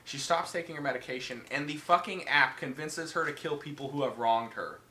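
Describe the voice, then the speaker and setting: A man co-hosting a podcast, telling horror movie plots in casual, profane, animated chat. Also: on the high side, fairly quick. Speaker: podcast co-host. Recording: echoey room with faint noise.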